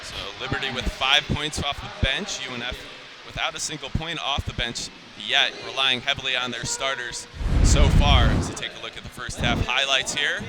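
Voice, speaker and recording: A man calling a women's basketball game as play-by-play announcer, with an upbeat, brisk broadcast delivery. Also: mid-range voice, steady tone, over loud music. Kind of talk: sports commentary.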